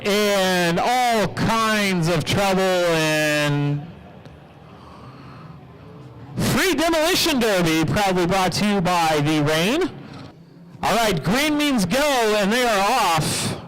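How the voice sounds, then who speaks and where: A man announcing a live race at an outdoor speedway, calling the action excitedly and joking with drivers. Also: high voice, takes it slowly, slight background noise, low-quality recording. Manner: excitable play-by-play, jokey with drivers. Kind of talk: live race commentary and interviews.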